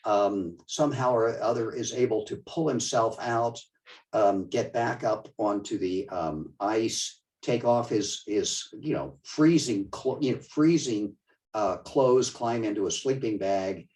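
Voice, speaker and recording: An older man giving a conversational, digressive museum talk with slides, often halting mid-sentence. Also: fairly low pitch, darkish tone, recorded from a distance, poor audio. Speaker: museum lecturer. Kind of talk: slide-show history talk.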